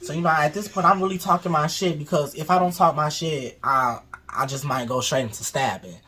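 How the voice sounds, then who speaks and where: Animated, profane man telling a story. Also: a little high, fairly quick, slightly rough. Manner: animated, profane, acts out quotes, laughs often. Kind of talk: casual storytelling chat.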